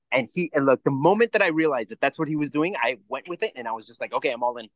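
A man's voice: mid-range voice, expressive, very fast, few pauses, no echo. A man co-hosting a podcast in casual chat, rambling and swearing freely as he acts out little quotes. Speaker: podcast co-host.

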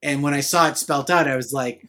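Bright, animated man from Massachusetts. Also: medium pitch, fairly quick. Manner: animated storyteller, laughs often. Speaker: actor. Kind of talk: casual podcast chat.

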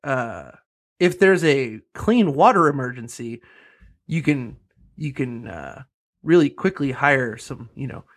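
A man's voice: mid-range voice, expressive, slow pace. A man co-hosting a podcast, giving blunt, wry takes on the news in casual banter. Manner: blunt, wry, laughs often. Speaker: podcast co-host.

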